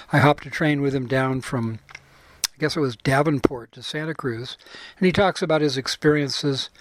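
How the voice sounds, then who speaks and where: An older man hosting a radio show, casually introducing old archived episodes with lots of pauses, fillers and restarts. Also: medium pitch, dry recording. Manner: rambling, many fillers and restarts.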